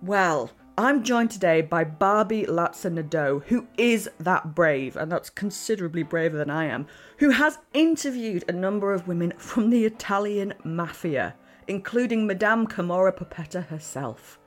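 A woman hosting a history podcast, telling the story in a playful, animated way. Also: fairly low pitch, normal speed, faint music behind. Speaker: podcast host. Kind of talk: chatty podcast narration.

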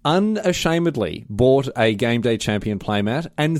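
A man's voice: medium pitch, animated, a little mellow, dry recording, studio quality. A young Australian man with a city accent, co-hosting a podcast in casual, self-mocking chat. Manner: chatty, self-mocking, quick with asides. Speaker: podcast co-host.

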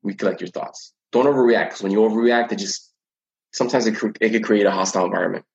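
A man's voice: fairly low pitch, fast talker, lo-fi sound. A man talking about coping with anxiety as a teen coach in a casual podcast chat, earnest and often repeating words while he thinks.

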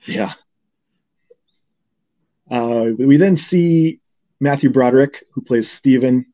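A man co-hosting a podcast, casually recapping a film scene by scene and slipping into quick character impressions. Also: medium pitch, warm tone. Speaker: podcast co-host. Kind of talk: casual movie recap chat.

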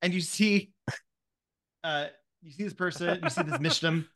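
A game master casually narrates a tabletop game, piling up fillers as they describe the scene. The voice sits at a middle pitch. The delivery is loose and conversational. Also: moderate pace, a bit bright. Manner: casual, rambling, many fillers like "you see".

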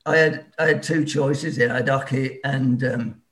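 A man's voice: mid-range voice, steady tone, normal speed, fairly bright tone. A man, a guest actor, chatting casually and jokily over a remote call on a podcast. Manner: jokey, easygoing banter. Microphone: remote call from abroad.

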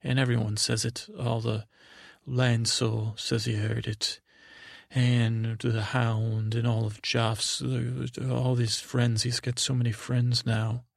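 Male comic improviser, gravelly and flat, playing a naive childlike narrator who rambles and restarts constantly. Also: mid-range voice, no echo, studio quality. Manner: rambling, halting, full of restarts; naive, childlike storyteller persona. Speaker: comedy podcast host. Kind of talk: improvised in-character comedy storytelling.

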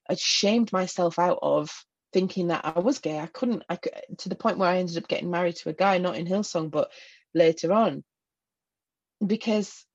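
A woman with a Northeast English accent speaks frankly and with self-deprecating humour in an interview, often restarting her sentences. Her voice sits fairly low, with a raspy, gravelly edge. The recording sounds a little muffled and lo-fi. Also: a little mellow. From Northeast England. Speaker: guest. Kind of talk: candid personal interview.

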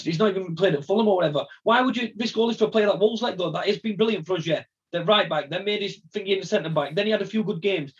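A man talks fast and hammers his point home in a husky voice. His voice sits a little high, and the audio is dull and lo-fi. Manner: ranting, emphatic, repeats himself. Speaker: podcast co-host. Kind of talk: casual football chat.

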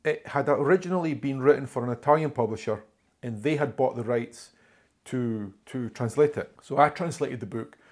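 Speaking at a moderate pace with a mid-range voice, a male author and journalist recounts a long story during an interview. The telling is conversational and meandering, full of false starts.

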